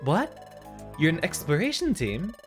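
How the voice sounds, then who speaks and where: A man's voice: on the high side, wildly swooping pitch, very slow, fairly bright tone, soft background music, voice pushed up, full character voice. A man voicing a timid young male trainee explorer who stammers nervously and pleads. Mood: startled.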